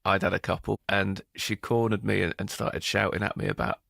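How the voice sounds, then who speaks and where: A man with a very low, gravelly voice chats in a relaxed, dry, self-deprecating way. The sound is close and dry, with no room around it. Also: a little fast, no room sound. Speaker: podcast co-host. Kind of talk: relaxed casual chat.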